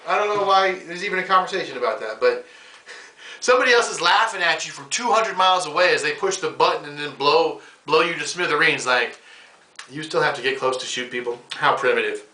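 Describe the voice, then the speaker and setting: A man's voice: a little high, expressive, brisk, pushed and bright. A male comedian host from the United States, rambling through a casual comedic monologue and calling the listener "bro". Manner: rambling, ranting, slangy with "bro". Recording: echoey room, mic at a distance.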